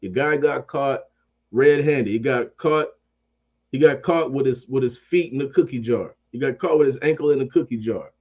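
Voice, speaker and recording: A man's voice: mid-range voice, a little fast, darkish tone, breathy edge, lo-fi sound. A man ranting about sports as a fan commentator. He swears constantly, repeats phrases, and keeps up a heated, profane energy.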